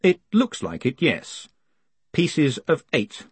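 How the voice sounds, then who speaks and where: A man's voice: fairly high pitch, huge pitch swings, slow, husky, no room sound, voice pushed up, full character voice. A man playing a charming, restless male con man who talks in a glib, self-mocking way. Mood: wry.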